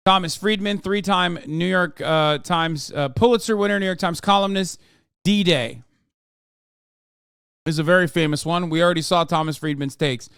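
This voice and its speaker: A man's voice: sits high, moderate pace, creaky, fairly bright tone, clean tone, dry recording, studio quality. A man livestreaming, giving heated, profane, sarcastic commentary while reacting to a news piece.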